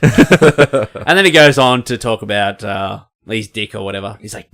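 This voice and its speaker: A man's voice: fairly low pitch, lively intonation, measured pace, a bit bright. Laughing podcast host, man. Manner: recaps scenes by acting out quotes with laughs. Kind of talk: casual chat.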